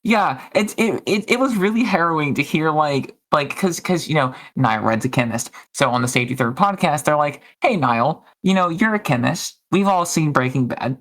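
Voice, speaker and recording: A woman's voice: low-pitched, animated, normal speed, few pauses. A woman streamer chatting casually, rambling and giggling as she retells stories and acts out quotes. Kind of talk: casual chat.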